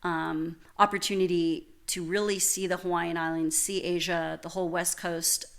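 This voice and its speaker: A woman's voice: fairly low pitch, flat delivery, normal speed. A woman who is a podcast guest, chatting casually and effusively, laughing often. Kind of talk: casual chat.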